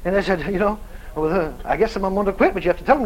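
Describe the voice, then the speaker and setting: A man preaching, telling a story with lively dialogue and loud shouted prayers. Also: sits high, quick pace, rough recording. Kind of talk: sermon storytelling.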